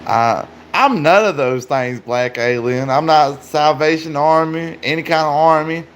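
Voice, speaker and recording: A man's voice: fairly high pitch, measured pace, a little hiss or hum. A man livestreaming, chatting casually and joking profanely with his viewers.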